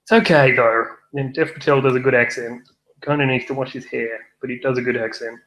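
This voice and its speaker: A man's voice: mid-range voice, steady tone, a little fast, fairly bright tone, a little hiss or hum. A young man co-hosting a film review podcast, chatting casually with a wry, rambling delivery. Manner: rambling, wry, many fillers and restarts. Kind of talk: casual chat. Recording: roomy echo.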